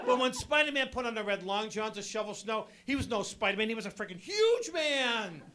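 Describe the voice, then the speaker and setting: A man doing stand-up comedy on stage, loud and punchy, talking to the crowd as folks. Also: high-pitched, big pitch swings, brisk. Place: stage before a live audience.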